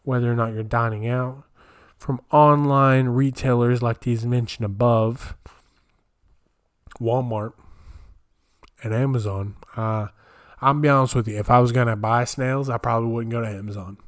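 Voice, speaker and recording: A man's voice: mid-range voice, fairly even intonation, normal speed, dry recording, studio quality. A young man hosting a solo comedic podcast, rambling and incredulous as he riffs while reading aloud. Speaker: podcast host. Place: small home room, camera on floor.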